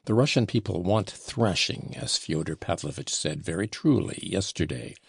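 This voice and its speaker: A man's voice: low-pitched, lively intonation, moderate pace, gravelly, breathy edge, no echo, studio quality, exaggerated voice. A man reading a sullen, proud young male servant who talks curtly and disdainfully in an audiobook. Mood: scornful. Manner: curt, disdainful.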